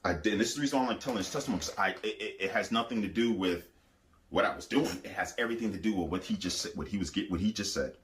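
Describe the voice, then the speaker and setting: A man's voice: deep voice, racing, fairly bright tone, a little hiss or hum. A man giving a spoken religious testimony, telling his story emphatically and repeating phrases as he acts out the voices he quotes. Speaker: Christian testifier.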